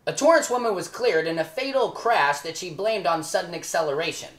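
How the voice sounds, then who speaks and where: A woman's voice: on the low side, a little fast, echoey room. A woman hosting a comedy news spoof, reading stories in a mock-serious anchor manner. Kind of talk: deadpan mock newscast.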